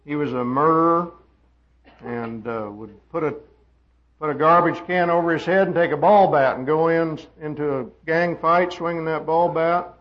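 High pitched preacher guy, gets loud then goes quiet, muffled old tape sound. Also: moderate pace. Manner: emphatic, rising to loud high peaks then dropping quiet. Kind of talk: sermon. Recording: dull lo-fi sermon recording.

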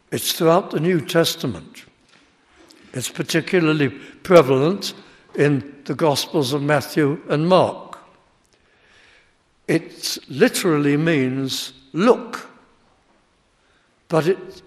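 A man preaching a sermon, emphatic and building in intensity as he speaks. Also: on the high side. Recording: long reverb of a large hall.

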